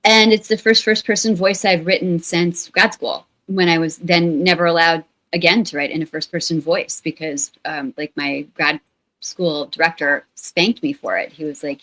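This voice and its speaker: A woman author in a casual interview, talking in an animated, playful way and acting out quotes. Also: lowish voice, normal speed, rough recording.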